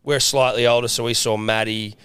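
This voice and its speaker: A man, a co-host asking relaxed, rambling questions in a casual sports podcast. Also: mid-range voice, a little fast, clean tone, no room sound.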